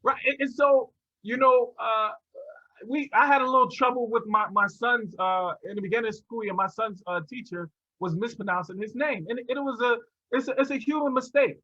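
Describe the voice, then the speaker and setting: A man presenting to teachers in an animated storytelling lecture, restarting often and chuckling as he goes, over a video call. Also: very high voice, brisk, dull audio.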